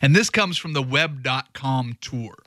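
A man co-hosting a casual chat in a wry, joking way, rushing through his asides. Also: mid-range voice, lively intonation, pushed and bright, dry recording, studio quality. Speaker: co-host.

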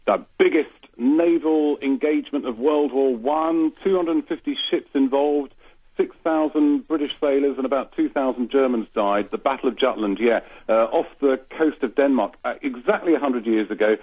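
A man's voice: medium pitch, breathy edge. Man reporting down a tinny phone line. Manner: measured, with frequent uh fillers. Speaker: radio correspondent. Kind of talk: news report on talk radio. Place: London.

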